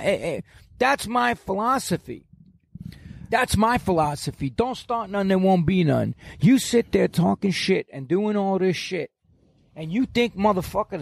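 A man's voice: high-pitched, creaky, no echo, clean studio sound. A man, telling stories as a guest in an aggressive, profane, boastful way. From New York. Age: 60s. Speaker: podcast guest. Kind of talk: profane storytelling in an interview.

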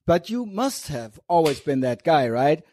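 A man's voice: fairly high pitch, big pitch swings, a little slow, warm tone. A man from Germany, hosting a podcast interview in a casual, sarcastic and joking way. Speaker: podcast host.

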